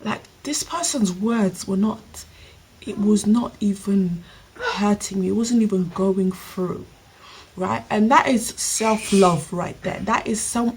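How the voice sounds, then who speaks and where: A woman's voice: mid-range voice, darkish tone, slight background noise. A woman giving opinion commentary on her vlog, talking emphatically and straight to her viewers. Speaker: vlogger.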